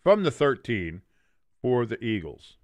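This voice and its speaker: A man's voice: mid-range voice, big pitch swings, a little slow, no room sound. A man hosting a live watch-along stream, calling plays as commentary, reading chat comments, correcting himself and cracking jokes. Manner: jokey, self-correcting, reads chat aloud.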